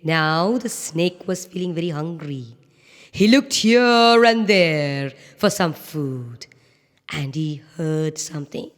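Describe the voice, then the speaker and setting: Woman reading a kids fable, lively up-and-down voice, slow, big echo. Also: low-pitched. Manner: slow, sing-song, very expressive. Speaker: storyteller. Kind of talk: scripted children's story narration. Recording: echoey reverb.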